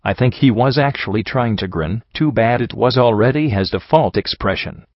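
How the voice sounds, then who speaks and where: A man with a lowish voice narrates a story in the first person, steady and measured. The recording is dry and a little dull, with no room sound. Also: dry recording. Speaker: audiobook narrator.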